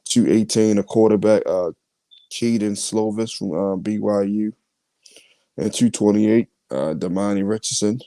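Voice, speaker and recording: A man hosting a podcast, reading out his mock draft picks in a casual, halting way with many fillers. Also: lowish voice, dark tone, no room sound. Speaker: podcast host.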